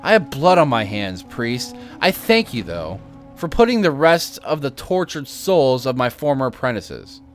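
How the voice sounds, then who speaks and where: A guilt-ridden elf magister pours out his regrets about a failed experiment, as a man reads his quest text aloud. The voice stays an everyday one, with pitch that rises and falls a good deal. Soft music hums faintly underneath. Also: sing-song, unhurried. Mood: guilt-stricken. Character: remorseful elf mage master, male.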